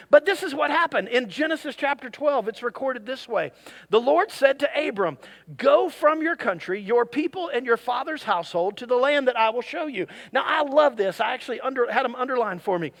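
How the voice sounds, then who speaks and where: A pastor preaching a sermon to his congregation, with animated delivery and jokey asides to the crowd. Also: very high-pitched. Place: church service.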